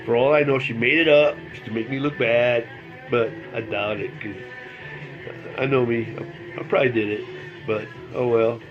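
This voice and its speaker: A man's voice: medium pitch, fairly even intonation, normal speed, lo-fi sound, music in the background. An older man telling a rambling personal story in casual, plain speech, repeating phrases and cursing freely. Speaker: vlogger telling life stories.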